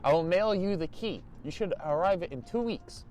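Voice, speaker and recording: Casting note: young man playing a pushy, high-voiced, overly cheerful scam caller who stalls. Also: animated, moderate pace, a little mellow, faint music behind. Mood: fake cheerful. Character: overeager smooth-talking male rental scammer.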